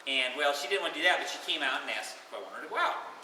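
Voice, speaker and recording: A man's voice: a little high, expressive, quick pace, bright, forceful tone. A man at his retirement party telling stories in a chatty, rambling way, laughing now and then, recorded from far off in an echoey, noisy hall. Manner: chatty, full of filler and restarts, laughing. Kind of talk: casual storytelling.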